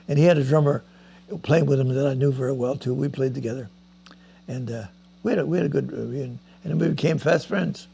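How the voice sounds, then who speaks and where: Gravelly old man spinning yarns. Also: mid-range voice, mellow. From Canada. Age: 90s. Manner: halting, repeats words, acts out quoted voices; coughs now and then. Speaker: veteran musician interviewee. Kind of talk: rambling anecdotal storytelling.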